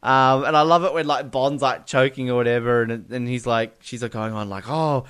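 A man's voice: medium pitch, fairly even intonation, brisk, fairly bright tone, clean tone. A man talks through a film scene by scene in casual podcast chat. He laughs a lot and acts out the characters' lines.

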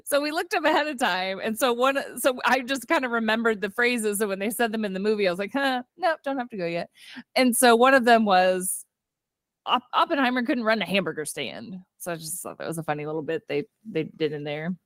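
A chatty woman co-hosts a movie podcast. She retells scenes in a lively storyteller's way, voicing the characters' lines and laughing along. Her voice is mid-pitched and close to the mic, and the room sounds dry. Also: a little fast, no room sound. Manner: chatty storytelling, acts out quotes, laughs often. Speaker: podcast co-host. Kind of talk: casual movie review chat.

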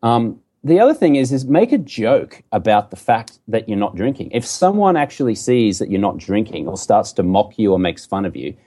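A middle-aged Australian man, a podcast guest, talking in an animated, joking and emphatic way. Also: fairly low pitch, moderate pace, few pauses. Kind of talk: casual podcast conversation.

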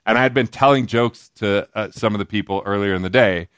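Low-voiced man telling funny stories. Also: clean tone, no echo, clean studio sound. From Utah. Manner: animated, jokey, quoting others in quick asides. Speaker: guest. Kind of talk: casual storytelling.

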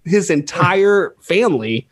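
A man's voice: high voice, expressive, takes it slowly. A man co-hosting a comedy podcast, ranting casually and swearing a lot. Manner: profane, ranting. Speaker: podcast co-host.

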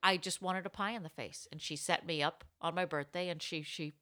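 A woman's voice: lowish voice, steady tone, a little fast, a bit bright. A woman co-hosting a podcast, chatting in a jokey, giggly way. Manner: giggly, jokey, puts on bits. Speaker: podcast co-host. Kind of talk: casual comedic chat.

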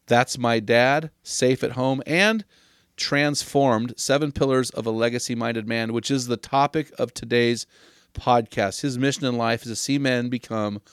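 An upbeat man from Oregon hosts a podcast, tossing in jokes and quick asides as he chats. His voice sits at an ordinary middle pitch, recorded close and dry. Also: clean tone, no room sound. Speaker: podcast host. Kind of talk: casual podcast chat.

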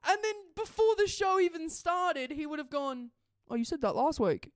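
Lively high-voiced woman laughing. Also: normal speed, no echo, clean studio sound. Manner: laughs often, excitable storytelling. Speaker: podcast co-host. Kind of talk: casual chat.

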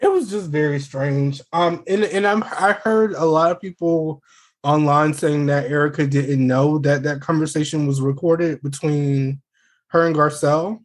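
A man's voice: on the high side, steady tone, unhurried. A man co-hosting a podcast in casual chat, easygoing and agreeable. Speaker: podcast co-host.

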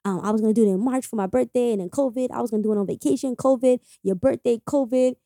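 A young woman telling a personal story as a podcast guest, animated, swearing freely and acting out the quotes. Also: a little high, quick pace, no room sound, clean studio sound. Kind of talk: casual storytelling.

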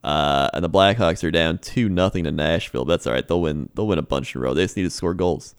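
A man's voice: very deep voice, quick pace, clear, resonant tone. A man co-hosting a comedy podcast, giving mock weather and sports reports in a laid-back, joking way. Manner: laid-back, joking, frequent laughs and fillers. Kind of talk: casual comedy podcast banter.

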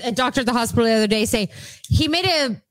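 A woman in casual chat, telling stories with animated, swearing energy and frequent laughter. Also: a little high, rapid-fire, dry recording, poor audio. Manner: animated storyteller, swears freely, laughs a lot.

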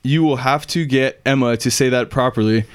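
A man co-hosting a podcast, reading a listener's email aloud in a dry, even way. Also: medium pitch, clear, resonant tone.

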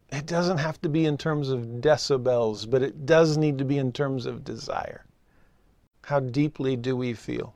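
A man giving an earnest scripture lesson, slowing down on key words for emphasis. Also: medium pitch, creaky, a little mellow, no echo. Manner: earnest, emphatic, slows down for stress. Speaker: scripture teacher.

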